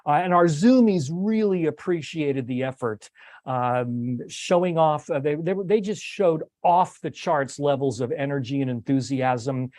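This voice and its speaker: An older man hosts a relaxed talk with a slightly high voice, rambling and restarting his sentences with plenty of fillers. The sound is dry and close, with no room behind him. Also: a little slow, dry recording. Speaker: host. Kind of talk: casual recap talk on a video stream.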